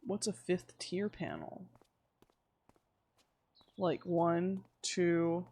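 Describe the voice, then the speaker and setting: A young woman livestreaming, chatting casually while she plays, rambling and swearing with sudden animated outbursts. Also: on the low side, extremely slow, creaky, dry recording. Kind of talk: casual chat while gaming.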